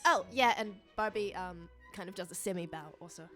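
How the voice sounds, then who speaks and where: A woman's voice: medium pitch, fairly quick, pushed and bright, soft background music. A playful, giggly woman playing her character in a tabletop game. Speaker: player.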